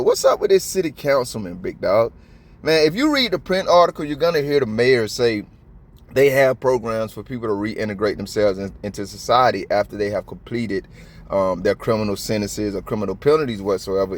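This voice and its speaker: A man's voice: fairly low pitch, lively intonation, fairly quick. A man from Georgia with a Southern accent, ranting profanely in heavy slang as the host of a casual reaction commentary.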